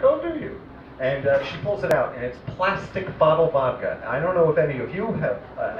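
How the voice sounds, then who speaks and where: A young man telling a rambling, animated stand-up story at a comedy show. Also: a little high, lo-fi sound. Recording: roomy live venue, distant mic, crowd.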